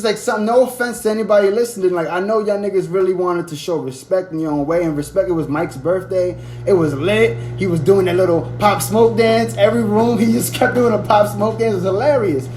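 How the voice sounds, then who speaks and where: A man's voice: high-pitched, steady tone, a little fast, a little mellow. A young man in his twenties hosting a casual podcast, telling a loose, profane story and acting out the quotes. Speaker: podcast host. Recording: roomy echo, faint background noise.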